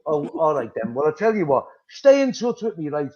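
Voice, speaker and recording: Middle-aged scouse guy on a live stream, blunt, swears a lot, bit high voice, muffled lo-fi sound. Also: sing-song, fairly quick, a crowd in the background. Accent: Liverpool. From Liverpool, England. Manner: blunt, sweary, repeats himself. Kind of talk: casual live chat. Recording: dull lo-fi stream audio.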